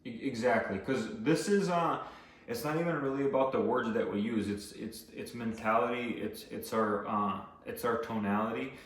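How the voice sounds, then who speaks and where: A man's voice: mid-range voice, normal speed. A man giving casual sales training, rambling with many fillers and restarts. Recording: echoey room, voice from a distance.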